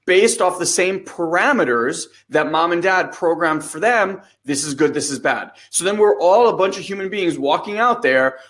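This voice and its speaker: A man in his thirties co-hosting a podcast, telling a story in a loose, animated way and acting out the lines he quotes. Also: sits high, moderate pace, few pauses. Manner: animated storytelling, acts out quotes, swears casually. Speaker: podcast co-host. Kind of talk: casual conversation.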